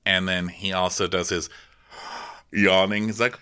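A man co-hosting a comedy podcast, recapping a reality show in an animated, jokey way. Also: low voice, measured pace, clean tone. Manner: animated, jokey, laughs a lot. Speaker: podcast co-host.

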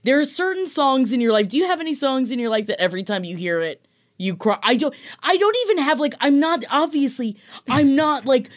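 Animated, emotional woman chatting. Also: sits high, a little fast. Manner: emotional, animated, laughs often. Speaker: podcast co-host. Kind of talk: casual gossip chat. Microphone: remote call mic.

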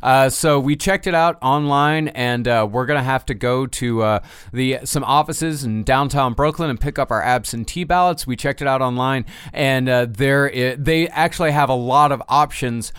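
A man's voice: medium pitch, normal speed, hardly any pauses, a bit bright, clear, resonant tone, no echo, studio quality. A man co-hosting a podcast, talking earnestly about voting and repeating his points with lots of fillers. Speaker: podcast co-host. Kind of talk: casual political chat.

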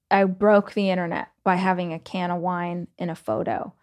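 A woman's voice: lowish voice, moderate pace. A woman podcast host from the American South with a Southern accent, telling a personal story in a chatty, casual way full of "like"s. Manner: chatty, animated, many "like"s and laughs.

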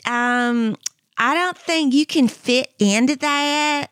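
A snooty Southern store clerk, put on by a woman, stretches each word into a slow, twangy, condescending drawl. Her polite tone only thinly hides the meanness. The voice sits a little high and close, dry on the mic. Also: a bit bright, clean tone, no room sound. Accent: mock Southern US drawl.

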